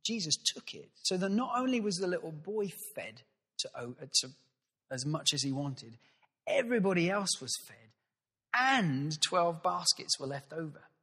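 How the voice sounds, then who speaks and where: A male pastor giving a sermon, telling the story with lively acted-out voices. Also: on the high side, normal speed, breathy edge, big-room sound. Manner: animated storytelling, acts out voices.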